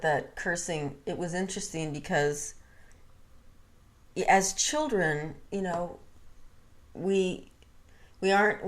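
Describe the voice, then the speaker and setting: Candid woman telling a story. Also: on the low side. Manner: candid, rambling, swears freely. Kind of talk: casual personal storytelling.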